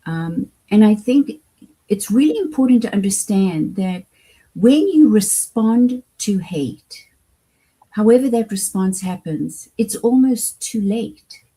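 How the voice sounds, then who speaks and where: A woman with a South African accent, a guest in an interview, answering in a measured, articulate and deliberate way. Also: mid-range voice, expressive, mellow, husky, rough recording. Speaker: guest, education program founder.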